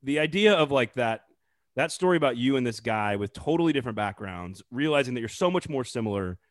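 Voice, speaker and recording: Halting man on a dry mic. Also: medium pitch, no echo. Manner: relaxed, halting, with many restarts. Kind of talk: casual podcast chat.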